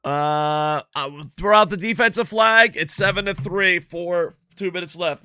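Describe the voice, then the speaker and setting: Bright-voiced swearing gaming streamer man. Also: high voice, unhurried, hardly any pauses, smooth, no room sound, studio quality. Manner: profane, rambling, animated storyteller; chats with viewers while playing. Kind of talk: casual live-stream chat over gameplay.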